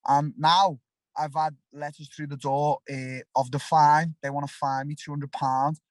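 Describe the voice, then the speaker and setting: A man's voice: on the high side, level tone, a little slow, no room sound. A young man with a Liverpool accent, a fighter talking bluntly and animatedly in an interview, often restarting his sentences. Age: young adult. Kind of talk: casual interview talk.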